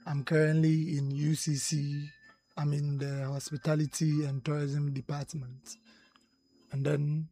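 Husky, mellow-voiced young man. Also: on the high side, flat delivery, unhurried, soft background music. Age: 20s. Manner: brief, polite replies. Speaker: student intern, guest. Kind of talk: self-introduction on a radio panel.

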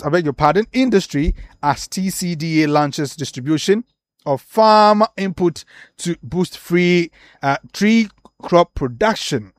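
A man with a Ghanaian accent reviewing the morning's newspaper headlines, reading briskly with short asides and fillers. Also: sits high, expressive, no echo, studio quality.

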